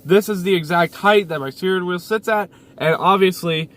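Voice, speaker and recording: A young man with a somewhat high voice talks to his viewers from inside his parked car. He rambles in a loose, casual vlog style, full of fillers and repeated lines. The sound is picked up by a camera sitting on the dashboard. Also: moderate pace, fairly bright tone. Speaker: YouTuber. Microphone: camera mounted on the dash.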